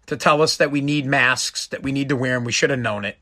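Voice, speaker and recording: A man's voice: mid-range voice, a little fast, sharp tone. A man hosting his own podcast, delivering a profane, exasperated rant in a casual monologue streamed live from home. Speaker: podcast host.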